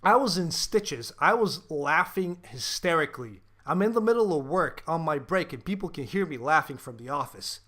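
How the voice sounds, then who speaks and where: A man's voice: a little high, lively intonation, moderate pace, hardly any pauses, sharp tone. A man hosting a podcast, ranting profanely and animatedly about a film in casual chat, with lots of fillers. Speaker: podcast host.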